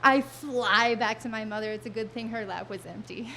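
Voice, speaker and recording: A woman telling a funny personal story on a stage before an audience, wry and self-mocking, with vivid detail and dramatic pauses. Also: on the high side, creaky, pushed and bright, a little hiss or hum.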